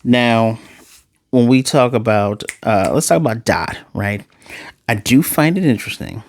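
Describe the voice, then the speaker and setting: A man casually reviewing an anime episode in a sarcastic, animated way, his voice jumping high for emphasis. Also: no echo, studio quality.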